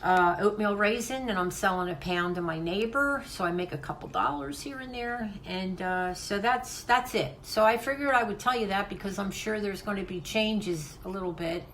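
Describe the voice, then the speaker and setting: A woman's voice: medium pitch, expressive, moderate pace, hardly any pauses, fairly bright tone, a little hiss or hum, poor audio. An older woman hosting a craft channel, talking in a heartfelt, rambling way to her viewers and often restarting her sentences. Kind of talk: casual vlog talk to viewers.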